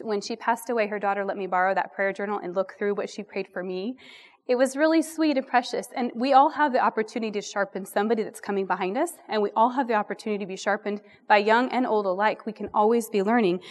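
Chatty woman teaching a sermon. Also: on the high side. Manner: chatty, self-deprecating, rambling asides. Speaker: women's ministry speaker. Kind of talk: sermon-style Bible teaching.

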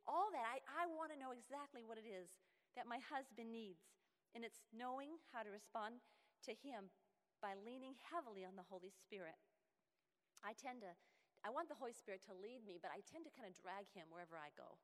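A woman giving a sermon-style talk to other women, animated and often laughing, acting out quoted lines. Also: a little high, fairly quick, in a large hall. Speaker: speaker at a women's gathering.

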